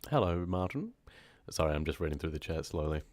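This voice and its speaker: A man with a very low voice chats casually into a close microphone, his nose stuffed up from a cold. He rambles, teases himself and laughs often. The sound is dry, with no room around it. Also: sing-song, fairly quick, darkish tone, dry recording. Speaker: horror story narrator streaming live. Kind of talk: casual live-stream chat, reading comments.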